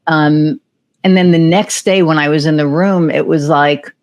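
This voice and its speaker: As a guest on a podcast, a woman animatedly tells a personal story in a casual interview, acting out remembered conversations with many fillers and restarts. Her voice sits low, and she speaks at a normal speed.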